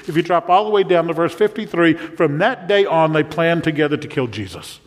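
A male pastor preaching a sermon with animation, moving between quiet, low passages and loud exclamations. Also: animated, brisk, few pauses. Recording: long reverb of a large hall.

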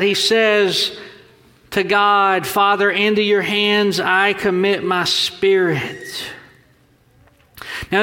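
A man preaching a sermon as pastor, earnest and measured. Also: high voice, sharp tone, long reverb tail.

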